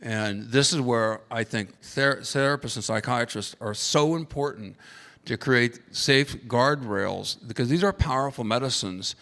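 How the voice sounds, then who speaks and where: A man's voice: mid-range voice, a little slow, a bit bright. A middle-aged man speaking on a conference panel, telling stories in a rambling way with restarts and acting out quoted voices. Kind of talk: conversational storytelling on a panel. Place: conference hall. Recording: long hall reverb.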